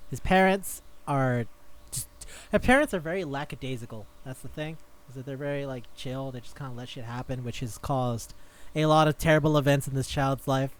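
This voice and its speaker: A man's voice: mid-range voice, fairly quick. A man co-hosting a podcast, chatting casually in a rambling way, swearing and laughing easily. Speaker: podcast co-host. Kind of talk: casual chat.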